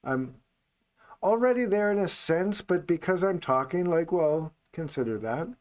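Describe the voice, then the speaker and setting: This man's voice sits on the high side as he teaches meditation without a script, speaking on the out-breath alone. He stays calm and unhurried.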